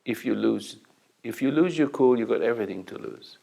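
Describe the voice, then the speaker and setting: An older man acting as a self-help teacher, telling an anecdotal story to an audience in a halting way, with restarts, and acting out the dialogue. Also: medium pitch, animated, vocal fry, warm tone, low-quality recording.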